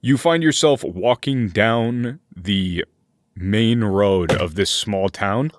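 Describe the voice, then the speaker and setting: A man running a tabletop game as game master, narrating slowly with fillers and restarts. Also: on the low side, background noise. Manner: slow, hesitant narration with many fillers.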